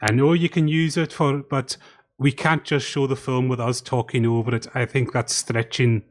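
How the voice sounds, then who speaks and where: A man's voice: mid-range voice, level tone, normal speed. A man hosting a casual podcast commentary. He talks over an online call and steers the group. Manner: chatty, organizes the talk and guides the others. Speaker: podcast host.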